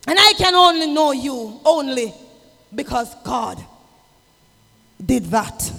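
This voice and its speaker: A man preaching an impassioned sermon, swinging from shouted exhortation to low, intimate asides. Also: lively intonation, slow pace, creaky, pauses often. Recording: long hall reverb with music behind.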